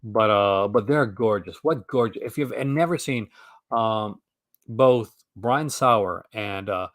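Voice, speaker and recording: A Canadian man with a slightly low-pitched voice hosts a loose, casual chat. He rambles along, stumbling over his words and restarting his sentences often. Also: slow, a bit bright, dry recording, studio quality. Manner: rambling, stammering, with frequent restarts and laughs. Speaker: host.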